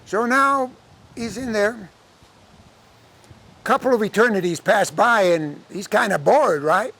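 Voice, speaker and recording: A man telling a traditional folk tale to a live audience, acting out the characters' lines in an animated way. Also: sits high, measured pace, vocal fry. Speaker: storyteller. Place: lecture audience setting.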